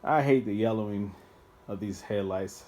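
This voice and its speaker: A man talking viewers through a car repair in a casual how-to vlog, recorded on a handheld phone. He speaks to them directly and chats along, and now and then bursts into loud excitement. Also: on the low side, moderate pace. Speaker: DIY car repair vlogger. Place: working on a car, by its headlight.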